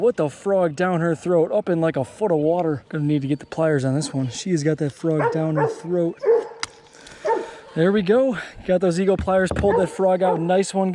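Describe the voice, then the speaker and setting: A man in his twenties chatting casually while fishing from a boat outdoors, getting excited whenever a fish bites. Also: a little high, heavy background noise. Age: 20s. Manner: excitable, chatty, exclaims at every catch. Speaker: fishing vlogger. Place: outdoors on a bass boat on a lake.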